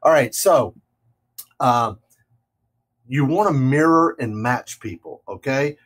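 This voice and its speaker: A man's voice: medium pitch, takes it slowly. A man hosting a real estate talk show, chatting casually and laughing easily as he explains selling tips. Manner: relaxed, laughs easily, acts out phone calls. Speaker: podcast host. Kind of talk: casual business chat.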